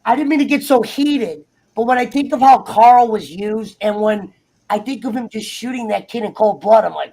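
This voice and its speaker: A man in casual, heated chat, swearing freely and acting out characters in quick asides. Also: high-pitched. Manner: profane, animated, acts out characters in quick asides. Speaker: guest on a TV review talk show.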